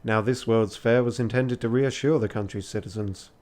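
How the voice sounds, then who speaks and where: A man's voice: fairly low pitch, fairly even intonation, moderate pace, darkish tone. Tired guy reading a text game on stream, laughs at himself a lot, swears. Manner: self-mocking, laughs often, swears. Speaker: charity streamer.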